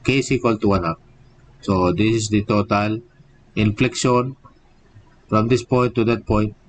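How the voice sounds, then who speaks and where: A man's voice: fairly low pitch, fairly even intonation, a little slow, slight background noise, low-quality recording. A male engineering professor giving a live-streamed lecture, drilling each point and checking in with "okay?" and rhetorical "what?".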